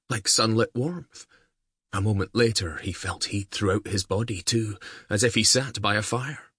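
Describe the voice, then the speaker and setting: A man narrating an audiobook in a calm, even storytelling manner. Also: lowish voice, slightly rough, no echo, studio quality.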